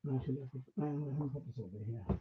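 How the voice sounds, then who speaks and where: A middle-aged man hosts a live stream, talking fast in a mid-range voice as he tidies his home studio, moving around and getting winded. His talk wanders with plenty of fillers and restarts. The recording is very noisy, from a distant, dull lo-fi mic.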